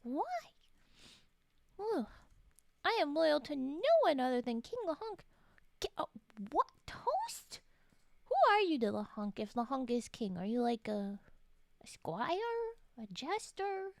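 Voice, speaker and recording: A woman live-streaming and chatting casually with her viewers, playfully teasing, talking softly, often murmuring or whispering, and sleepy. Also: high-pitched, big pitch swings, measured pace, gravelly, long pauses, dry recording, studio quality. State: sleepy, yawning. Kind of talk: casual live-stream chat while folding origami.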